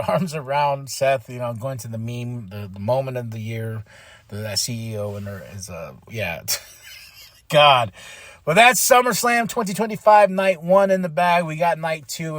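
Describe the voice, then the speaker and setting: A man hosting his own podcast, giving a casual, excitable solo review, breaking into laughter and acting out his reactions. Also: mid-range voice, no echo. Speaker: podcast host reviewing a wrestling event.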